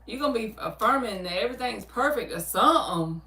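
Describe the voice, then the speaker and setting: A woman's voice: on the high side, brisk, recorded from a distance. A woman with a Southern US accent chatting casually on a livestream, reading out viewer comments and answering them with easy laughs. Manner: laughs easily, animated storytelling. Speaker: tarot reader hosting a livestream. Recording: roomy sound, speaker away from the mic.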